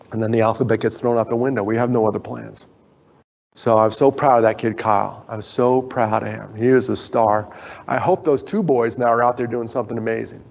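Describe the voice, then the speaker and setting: A man's voice: mid-range voice, gravelly, darkish tone. A man giving a storytelling conference talk, animatedly acting out the voices of the people he quotes. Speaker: conference speaker. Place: conference hall. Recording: echoey hall, dull sound.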